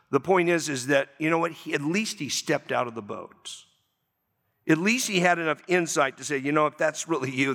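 A man preaching a sermon as pastor, reading scripture slowly and then speeding up with lively emphasis. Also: on the high side. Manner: varied pace, lively emphasis, slows for scripture. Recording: long reverb of a large hall.

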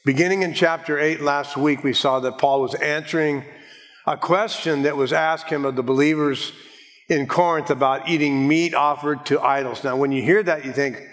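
Pastor teaching verse by verse. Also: male voice, a little high, fairly even intonation, fairly bright tone, in a large hall. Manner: measured, explanatory, slows to stress key words. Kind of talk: expository Bible teaching sermon.

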